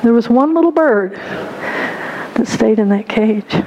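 A woman's voice: on the high side, expressive, a little slow, dull audio, slight background noise. A woman giving a heartfelt testimony and sermon story, earnest and full of "you know".

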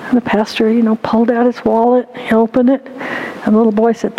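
A woman's voice: on the high side, flat delivery, quick pace, warm tone, slight background noise, rough recording. A woman giving a heartfelt testimony and sermon story, earnest and full of "you know".

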